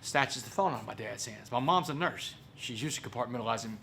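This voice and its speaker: A man's voice: mid-range voice, expressive, fairly quick, gravelly, sharp tone, a little hiss or hum. A man, a motivational speaker dramatically telling his own story to an audience and acting out other people's voices. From Port Arthur, Texas. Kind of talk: personal story told to an audience.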